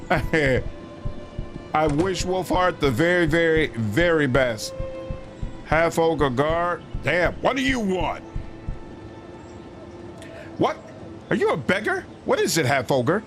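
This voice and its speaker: A man's voice: a little high, very animated, slow, pauses often. A man streaming a role-playing game, chatty and reactive, laughing often as he comments. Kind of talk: casual gameplay commentary. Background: game music.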